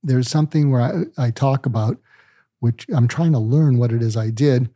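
An older male psychiatrist, calm and deliberate, explaining ideas with medical analogies in an interview. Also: medium pitch, dry recording, studio quality. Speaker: psychiatrist guest.

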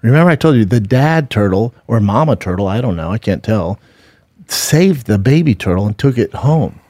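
A man's voice: on the low side, lively intonation, normal speed, dark tone, no echo. A middle-aged man, podcast co-host, chatting casually and telling a rambling story, swearing freely. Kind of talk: casual chat and live ad reads.

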